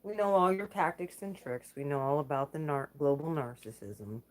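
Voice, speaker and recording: A woman's voice: low-pitched, moderate pace. A woman hosting her own channel, talking in a blunt, profane, casual vlog rant and laughing between remarks. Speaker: channel host.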